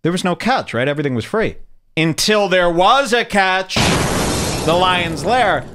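A man hosting a casual podcast, riffing sarcastically on clips he plays. His voice sits a little high and moves around a lot. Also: animated, unhurried, noisy background. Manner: sarcastic, mocking. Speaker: podcast host. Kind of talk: casual commentary.

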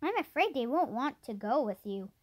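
A welcoming, motherly older woman who talks in a soothing, reasonable way, as a woman reads her aloud in a storybook. The voice is high and moves up and down a lot. She is read almost in the reader's everyday voice. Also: big pitch swings, normal speed. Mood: reassuring. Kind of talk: storybook character voice.

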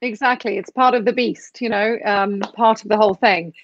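A woman's voice: mid-range voice, steady tone, normal speed, no room sound. A woman from South Africa hosting an interview, chatty and encouraging with her guest. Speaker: host. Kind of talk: casual interview. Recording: dull, dry lo-fi sound.

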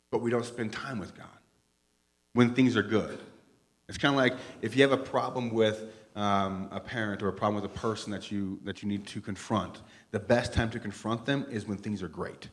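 A middle-aged man preaching a conversational sermon in a church, animated and joking, swinging from loud bursts to hushed asides. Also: on the low side, moderate pace. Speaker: pastor. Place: church sanctuary.

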